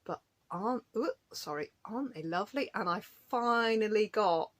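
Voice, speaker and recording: A woman talks to her camera at home in an easy, rambling way, drifting between stories and laughing as she goes. Her pitch sits in the middle. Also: lively intonation, moderate pace. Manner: rambling, chatty, laughs often. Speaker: craft vlogger. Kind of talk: casual chat to camera.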